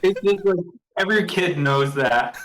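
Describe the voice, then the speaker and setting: A man's voice: high voice, moderate pace, fairly bright tone, poor audio. A man co-hosting a casual movie podcast, mostly agreeing in short replies and swearing now and then. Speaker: podcast co-host. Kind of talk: casual movie review chat.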